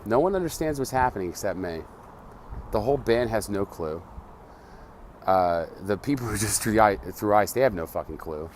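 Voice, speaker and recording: A man's voice: on the low side, animated, moderate pace, a little mellow, slight background noise. A man managing a band, telling earnest, profane stories in a casual vlog from a city street at night.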